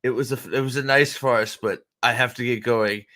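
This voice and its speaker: A man's voice: mid-range voice, steady tone, moderate pace, bright, forceful tone, lightly acted. A man putting on a raised, exaggerated voice for a roguish, flippant older male minstrel. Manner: exaggerated, profane, offhand.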